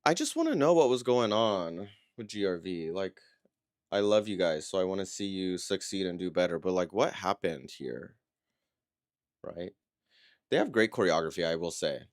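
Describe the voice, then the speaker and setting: A man giving a casual, conversational livestream breakdown of dance routines, critical but encouraging and often checking in with a quick "right?". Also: deep voice, sing-song, dry recording, clean studio sound. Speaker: dance competition analyst.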